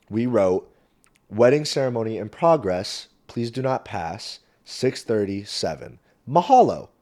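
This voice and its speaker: A young man hosting a podcast, telling a story in a casual, animated way and swearing freely. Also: on the low side. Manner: animated, swearing, jumps into quoted voices. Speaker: podcast host. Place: small warm room indoors. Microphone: camera mic, solo recording.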